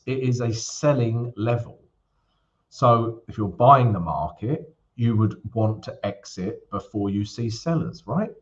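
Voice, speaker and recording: A man's voice: mid-range voice, lo-fi sound. A man hosting a live trading stream, talking in an upbeat, chatty way as he walks through charts and greets viewers, often checking in with "right?". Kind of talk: casual live-stream chat and chart walkthrough.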